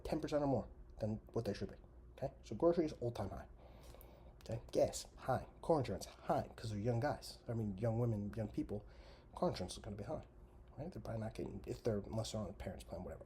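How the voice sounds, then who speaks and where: A man's voice: medium pitch, a little hiss or hum. Sarcastic swearing man ranting. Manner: animated, sarcastic, heavy swearing, trails into mutters and whispers. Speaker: podcast host. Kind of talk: profane comedic rant.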